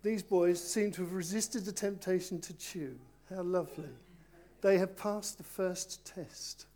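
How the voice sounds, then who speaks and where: A man's voice: sits high, fairly even intonation, unhurried, warm tone. A man preaching in a church, leading a children's talk with volunteers and speaking playfully and directly to them. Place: church before a congregation.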